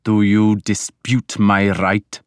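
A man's voice: on the low side, no room sound, clean studio sound. A man voicing a grim, harsh Viking lord. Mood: menacing. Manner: slow, harsh, menacing delivery. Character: stern angry Viking lord, grim and commanding.

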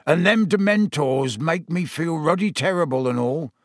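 A huge, soft-hearted gamekeeper with a broad, rough country way of talking, as a male narrator puts him on. The voice sits raised and a bit strained, set close and dry with no room around it in a storybook reading. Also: on the high side, moderate pace, dry recording, pitched above the performer's own voice, natural voice. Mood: gloomy. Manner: broad rustic dialect speech.

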